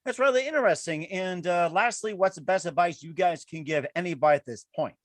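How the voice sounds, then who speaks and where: A man's voice: high voice, a little fast, no room sound. A man hosting a casual interview, upbeat and encouraging, laughing easily. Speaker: podcast host.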